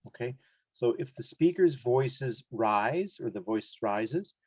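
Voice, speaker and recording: A man coaches a student through an English listening test, loosely and conversationally, dropping in lots of "like" and "you know". His voice sits at an ordinary pitch. The call audio is dry and a bit muffled. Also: expressive, slow pace, darkish tone, husky, no echo. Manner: casual, explains with examples, many "like" and "you know". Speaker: English test-prep teacher. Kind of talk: one-on-one online lesson.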